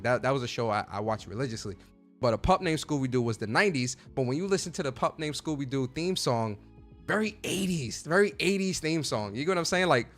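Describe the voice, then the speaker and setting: Chatty, animated man. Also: medium pitch. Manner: animated, chatty, slangy, reacting to chat. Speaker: podcast host. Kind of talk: casual livestream chat.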